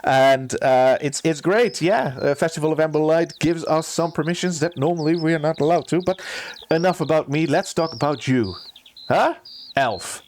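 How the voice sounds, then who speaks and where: A fussy, pompous steward of a royal court, played by a man at a tabletop game. He is theatrical and overwrought, and his voice climbs high when he gets worked up. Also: normal speed, darkish tone, slight background noise, lightly acted. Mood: gushing. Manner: theatrical, swings from gushing to sobbing to sneering.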